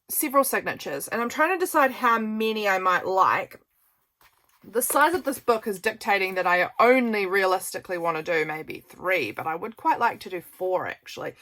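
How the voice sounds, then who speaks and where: A woman's voice: medium pitch, pushed and bright. Chatty New woman crafting. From New Zealand. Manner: chatty, self-deprecating, thinks aloud. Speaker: crafting channel host. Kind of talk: casual crafting chat.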